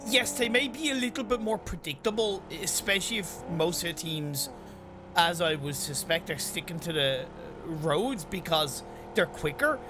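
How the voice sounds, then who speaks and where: Lively Irish esports caster. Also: male voice, sits high, moderate pace, over music. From Ireland. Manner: teasing, banters with co-caster. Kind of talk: live esports commentary.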